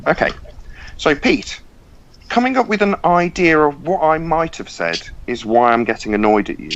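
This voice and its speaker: A man hosting a podcast, arguing angrily on a call, swearing and insisting he be heard. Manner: angry, sweary, insistent, swings in pitch. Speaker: podcast host. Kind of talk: heated argument on a call. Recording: dull lo-fi call audio.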